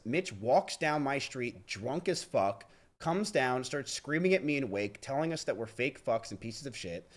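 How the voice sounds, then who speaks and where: A man's voice: mid-range voice, lively intonation. Heated, swearing male streamer. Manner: heated, profane, rapid storytelling with frequent restarts. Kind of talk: livestream rant to chat.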